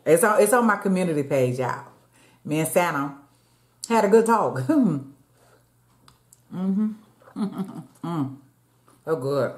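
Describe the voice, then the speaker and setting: A woman's voice: on the low side, lively intonation, takes it slowly, pauses often. A woman, chatting casually to her viewers during an eating show and calling them y'all. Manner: chatty, addresses viewers as y'all, eats between lines. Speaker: mukbang vlogger. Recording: echoey room.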